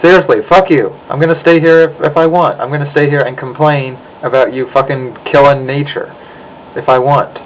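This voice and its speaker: A man's voice: fairly high pitch, fairly even intonation, a little fast, poor audio. Young american guy ranting into his webcam, swears a lot, sighs, faint hiss in the back. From United States. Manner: angry, profane, sighing rant. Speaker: vlogger. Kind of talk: ranting monologue.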